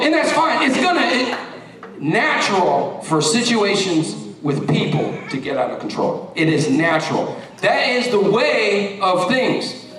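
High-voiced preacher in an echoey church. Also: male voice, recorded from a distance. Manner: animated preaching with humor. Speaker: pastor. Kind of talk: sermon. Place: church sanctuary. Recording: echoey church recorded from afar.

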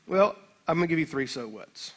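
A man pastor preaching a sermon in a church, emphatic and slowing right down when he reads scripture aloud. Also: fairly high pitch, animated. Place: church sanctuary.

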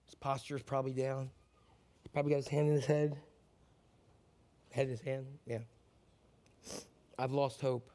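A man preaching a sermon in a conversational way, acting out quotes and moving between hushed, low lines and excited outbursts. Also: fairly quick, long pauses. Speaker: pastor.

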